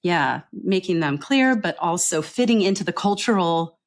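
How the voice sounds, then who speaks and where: A woman's voice: on the low side, lively intonation, normal speed. Earnest woman explaining accent coaching. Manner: explanatory, earnest, often adds a questioning "right?". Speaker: pronunciation and accent coach, podcast guest. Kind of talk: podcast interview.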